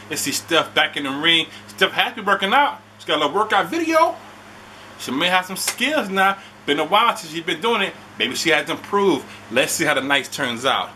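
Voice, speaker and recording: A man in a casual vlog, recapping a wrestling show in animated, slangy talk. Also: a little high, normal speed, slight background noise.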